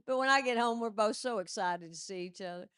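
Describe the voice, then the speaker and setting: A woman comedian telling animated stand-up stories into a stage mic and laughing at her own jokes. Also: mid-range voice, brisk, smooth, no echo, clean studio sound.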